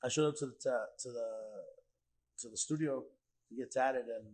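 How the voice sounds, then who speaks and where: A man's voice: mid-range voice, moderate pace, low-quality recording. A man guest on a podcast telling a story casually, acting out quoted dialogue with lots of fillers and the odd swear. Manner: animated, acts out quoted dialogue, swears freely, heavy filler "like".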